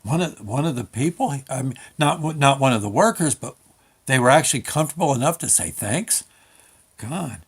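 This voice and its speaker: An older man telling a rambling comic story about a visit to the motor vehicle office, with halting restarts. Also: mid-range voice, lively intonation, breathy edge. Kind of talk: comic monologue with quoted dialogue.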